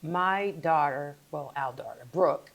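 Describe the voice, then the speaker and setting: Chatty woman guest, low voice. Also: takes it slowly, vocal fry. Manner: chatty, laughs often, warm asides. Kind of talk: casual interview chat.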